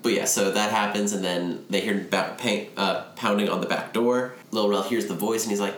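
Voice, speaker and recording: A man's voice: on the low side, normal speed. A man casually recapping a movie, retelling scenes and mimicking the characters' lines. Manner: animated retelling, acts out quotes in a raised voice. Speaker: film podcast co-host. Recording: echoey room, faint ambience.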